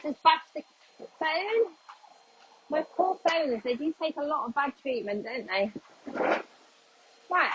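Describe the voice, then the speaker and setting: A middle-aged woman with a slightly high voice talks along as she does the housework, slightly under the weather. Her chatter sits over a noisy home recording full of household clatter and cleaning sounds. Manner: chatty, talking along while doing housework. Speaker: cleaning vlogger. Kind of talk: casual clean-with-me narration. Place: home while cleaning floors.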